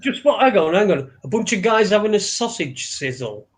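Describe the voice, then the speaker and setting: A man's voice: high-pitched, sing-song, normal speed. A man, telling a rambling story in casual podcast chat, swearing and restarting often. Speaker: podcast co-host.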